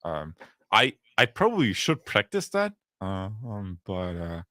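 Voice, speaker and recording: A man's voice: low voice, wildly swooping pitch, a little slow, sharp tone, no room sound, studio quality. A man, a panel guest speaking hesitantly with many restarts. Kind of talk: casual panel chat.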